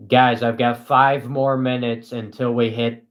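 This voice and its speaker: A young man hosting a casual live stream, talking to his chat in a flat, dry, self-mocking monotone. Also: mid-range voice, measured pace.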